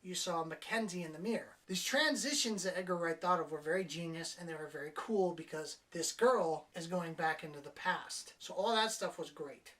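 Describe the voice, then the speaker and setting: A woman's voice: lowish voice, normal speed, few pauses, fairly bright tone, recorded from a distance, poor audio. Blunt, sarcastic woman reviewing a film. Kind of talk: casual spoken movie review.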